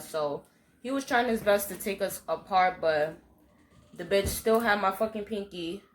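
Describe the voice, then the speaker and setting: Animated, profane young New woman. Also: mid-range voice. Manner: animated, profane, slangy storytelling. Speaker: vlogger. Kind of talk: storytime monologue.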